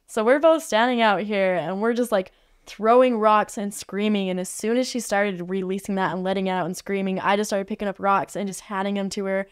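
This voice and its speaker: A woman's voice: medium pitch, fairly even intonation, brisk, clear, resonant tone, no room sound, studio quality. A woman guest on a podcast, telling a story casually and chattily, with lots of "like" fillers. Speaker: podcast guest, art facilitator. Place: podcast studio.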